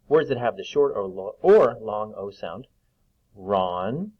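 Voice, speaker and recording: Slow, patient man teaching young kids. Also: lowish voice, highs cut off. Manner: slow, patient, sounding out letters and vowel sounds. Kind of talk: recorded phonics lesson for young children.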